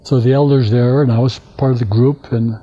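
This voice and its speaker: An older man from Alaska giving a guest lecture, telling stories in a halting, rambling way and acting out the dialogue he quotes. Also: medium pitch, steady tone, warm tone. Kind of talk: anecdotal storytelling lecture. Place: lecture hall. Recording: dull lo-fi lecture recording.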